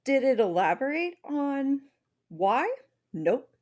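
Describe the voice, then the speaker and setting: A woman co-hosting a podcast, presenting the episode's topic in casual chat, animated and swearing freely. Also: sits high, slow pace. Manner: animated, swears freely, acts out little voices.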